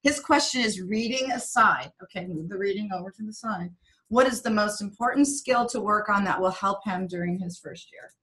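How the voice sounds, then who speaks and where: Woman, interviewer, crisp bright tone, playful, casual chat. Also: medium pitch, moderate pace, rough recording.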